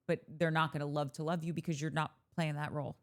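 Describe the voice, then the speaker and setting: A woman's voice: sits low, level tone, fast. A woman co-hosting a podcast, chatting casually and opinionated, with lots of "like" fillers. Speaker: podcast co-host. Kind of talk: casual chat.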